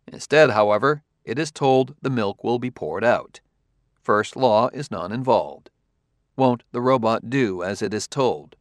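A man's voice: mid-range voice, measured pace, no room sound, clean studio sound, lightly acted. A man voicing an insistent adult male detective who presses his questions methodically, read as an audiobook character.

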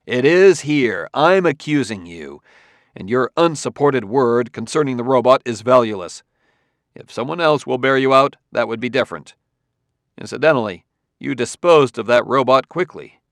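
A man's voice: medium pitch, expressive, normal speed, no room sound, studio quality, natural voice. A man voicing a blunt, insistent detective. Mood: accusing. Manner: insistent, cross-examining. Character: dogged male Earth detective, blunt and pressing.

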